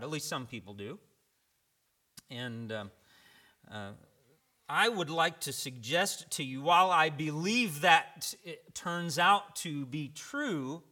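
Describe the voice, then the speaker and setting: Bright-voiced man preaching a sermon. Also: on the high side. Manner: conversational, folksy storyteller. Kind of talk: sermon with storytelling.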